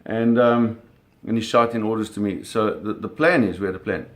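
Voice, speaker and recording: A middle-aged man casually telling a story, animated, with sound effects and acted quotes. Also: fairly low pitch, moderate pace. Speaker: storyteller recounting a fishing trip.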